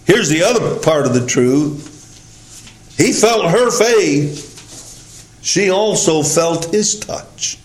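Slow, emphatic male preacher in an echoey hall. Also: lively intonation. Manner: emphatic, drawn-out stresses with sudden drops in pitch and volume. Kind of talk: sermon.

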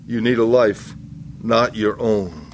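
Slow, deliberate male preacher. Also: on the low side, slight background noise. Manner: slow, deliberate, rising to impassioned pleading. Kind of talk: sermon.

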